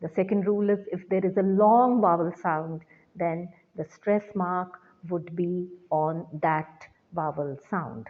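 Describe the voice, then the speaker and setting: Slow-speaking woman teacher, tinny audio. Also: fairly low pitch. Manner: slow, deliberate classroom explanation. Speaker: English teacher. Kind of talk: recorded online lecture. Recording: tinny phone-like sound.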